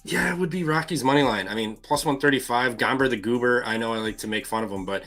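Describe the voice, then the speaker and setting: A man co-hosting a live betting show, laid-back and joking as he runs through a pitcher's stats. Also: fast talker, a bit bright, soft background music. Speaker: sports betting co-host. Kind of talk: casual live-stream betting talk.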